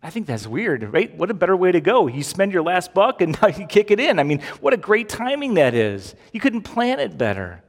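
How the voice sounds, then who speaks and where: Male pastor, conversational sermon delivery, leans on repetition, a touch high, recorded in a reverberant sanctuary. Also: wildly swooping pitch, brisk, few pauses. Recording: long hall reverb.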